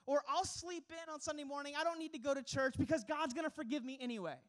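A man's voice: extremely high pitch, fast, fairly bright tone. Earnest young male pastor preaching. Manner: earnest, emphatic preaching with rhetorical questions. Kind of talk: sermon.

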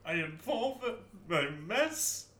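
A man doing a tearful, halting disgraced man. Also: high-pitched, lively intonation, fairly bright tone, reverberant. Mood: mock crying. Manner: mock-tearful, halting reading. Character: tearful disgraced middle-aged man apologizing.

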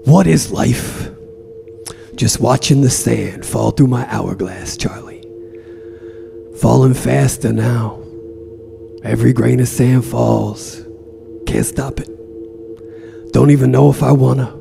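A man voicing a gruff aging mobster lying in a coma, profane and brooding, in a comedy podcast sketch. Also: mid-range voice, slow pace, pauses often, music in the background. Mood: snarling. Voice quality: gravelly, profane, tough-guy drawl.

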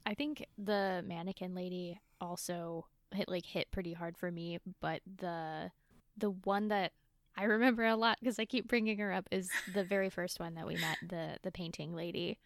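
A woman's voice: lowish voice, steady tone, normal speed, dry recording, studio quality. A woman who sounds younger than her age, speaking thoughtfully in a casual chat.

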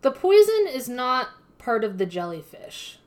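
Playful deadpan woman recapping. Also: on the high side, measured pace. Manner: playful, deadpan summarizing with frequent "like". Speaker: podcast co-host. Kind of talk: casual anime recap chat.

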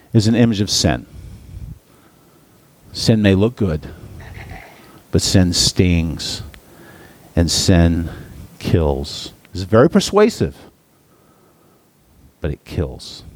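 Brief: male preacher, storytelling sermon, animated and halting, dry close sound. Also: no echo. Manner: halting, lots of restarts and uh's, emphatic pitch swings. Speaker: pastor or Bible teacher.

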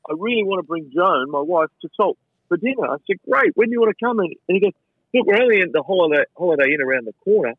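A middle-aged Australian man, a chef and businessman, telling an animated, rambling story with many restarts in a casual interview. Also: sits high, quick pace, breathy edge, dry recording. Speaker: chef and entrepreneur guest. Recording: dry, phone-like radio sound.

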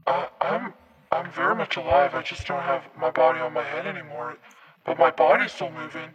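A man voicing a devoted, overeager male demon servant who gushes and bursts into shouts. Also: mid-range voice, a little fast, a crowd in the background, natural voice. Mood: gushing. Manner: gushing, fawning, bursts into shouts. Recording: muffled phone recording.

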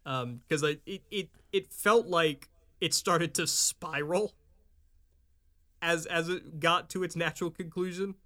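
A man's voice: fairly high pitch, unhurried, sharp tone. A man co-hosting a podcast, chatting casually and easygoing, laughing along and wrapping up the show. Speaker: podcast co-host. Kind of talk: casual chat and podcast sign-off.

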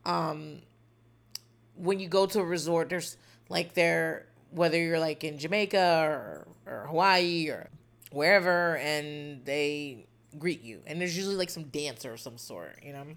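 Podcast host, female, low-ish voice, loose, profane, wry storyteller. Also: a little slow, creaky. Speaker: podcast host recapping a reality dating show. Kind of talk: casual chat.

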